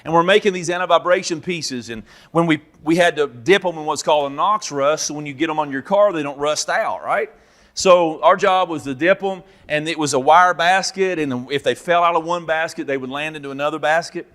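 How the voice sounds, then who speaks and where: A man preaching a Bible teaching, telling stories and acting out characters with sudden loud outbursts. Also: fairly high pitch, fairly quick. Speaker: pastor. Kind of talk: sermon teaching.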